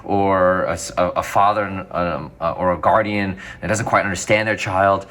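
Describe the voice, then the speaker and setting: A man being interviewed as a physician guest, talking casually in quick, rambling answers that restart and self-correct. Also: deep voice, steady tone, fairly bright tone.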